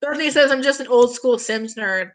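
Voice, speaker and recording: A young woman in her twenties chats eagerly on a live stream, her voice sitting a little high. She is getting over an illness and talks in a gushing, rambling way, answering viewer comments. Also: brisk. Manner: gushing, chatty, reads out chat comments. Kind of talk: casual live-stream chat.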